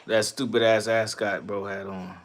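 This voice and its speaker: A man hosting a casual livestream, reading chat and riffing loudly with profane jokes, from New York. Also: on the low side, flat delivery, normal speed. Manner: loud, profane, laughing riffs.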